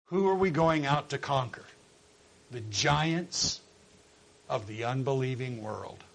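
A man preaching a sermon, swinging from quiet low asides to loud high exhortation and acting out quoted voices. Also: lively intonation, takes it slowly, creaky, low-quality recording. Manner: acts out quoted voices of listeners and God.

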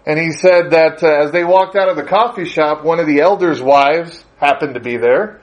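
A man's voice: on the high side, normal speed, hardly any pauses, rough recording. Man telling a story in a sermon. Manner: conversational, anecdotal, with frequent fillers and chuckles. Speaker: preacher.

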